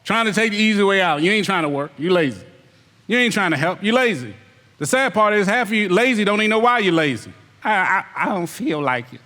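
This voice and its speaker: A man preaches a fiery sermon. His voice sits high, and it echoes through a large hall. He calls out the congregation directly and mocks their excuses. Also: animated, fast, pushed and bright. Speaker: pastor.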